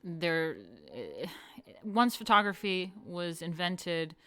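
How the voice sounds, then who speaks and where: A woman's voice: on the low side, animated, slow pace, pushed and bright, smooth, dry recording. Chatty woman giving a casual art history talk. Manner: chatty, swears, drifts into asides. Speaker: host.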